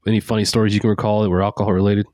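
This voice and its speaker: A man's voice: lowish voice, little pitch movement, rapid-fire, warm tone, no echo, studio quality. A man co-hosting a podcast, speaking conversationally and passing the question to his co-host. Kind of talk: casual podcast chat.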